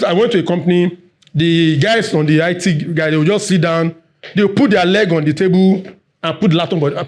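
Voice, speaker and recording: A man giving a lively workplace training talk, talking fast and quizzing the room. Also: high-pitched. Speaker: workshop facilitator.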